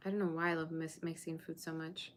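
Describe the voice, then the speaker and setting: A woman's voice: low-pitched, level tone, quick pace, a little hiss or hum. Chatty woman giving a tarot reading. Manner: chatty, reassuring, answers viewer comments. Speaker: tarot reader. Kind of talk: live tarot reading and chat. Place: borrowed room, indoors.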